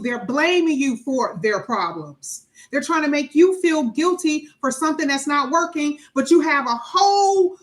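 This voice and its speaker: A woman giving a tarot reading to viewers, talking emphatically and acting out the voices of people she describes. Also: high voice. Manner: animated, acts out quoted voices, emphatic repetition. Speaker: tarot reader.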